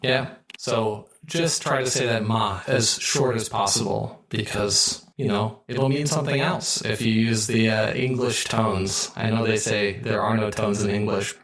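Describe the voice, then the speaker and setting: Man, co-host, explains grammar against english, lowish voice, easy scripted delivery. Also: steady tone, measured pace, few pauses, a bit bright, poor audio. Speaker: co-host of language lesson. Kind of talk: scripted language lesson.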